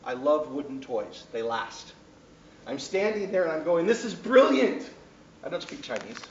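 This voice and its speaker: A man giving a classroom marketing lecture, animated, telling stories and bursting into shouted hints. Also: medium pitch, normal speed, slight background noise. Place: lecture hall. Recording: roomy, distant, dull lo-fi sound.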